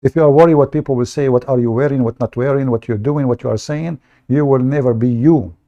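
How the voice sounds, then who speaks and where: A man's voice: medium pitch, steady tone, fast, dull audio. A man from the Middle East with an Arabic accent, hosting a casual livestream monologue in a blunt, joking, self-mocking way and often repeating words. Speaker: online debate show host.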